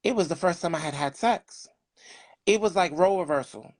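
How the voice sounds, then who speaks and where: A middle-aged man from New York City, a podcast guest telling candid personal stories in an animated, emphatic way. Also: sits high, a little fast, no echo.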